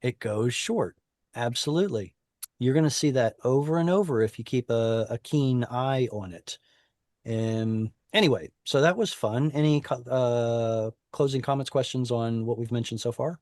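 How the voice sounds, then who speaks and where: A man's voice: mid-range voice, normal speed, a little mellow, no echo, studio quality. A man teaching an online Hebrew class, explaining informally with many fillers and restarts over a video call.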